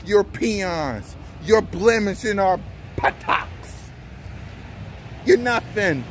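A man's voice: high voice, expressive, extremely slow. A man vlogging a mocking, taunting sports rant and laughing often, with faint traffic outside. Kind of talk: trash-talking sports rant.

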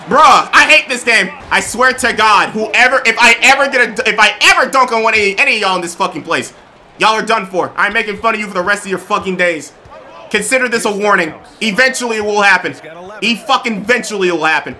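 A young man streaming a basketball video game, cursing and shouting in exasperation. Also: sits high, quick pace, a little hiss or hum. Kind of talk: live gameplay stream. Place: home streaming setup.

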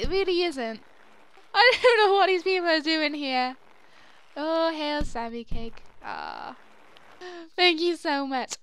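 A young woman hosting a let's play, reacting excitably to the game with squeals and laughter. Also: high-pitched, no echo. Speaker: gaming channel host. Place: home room at her dad's house.

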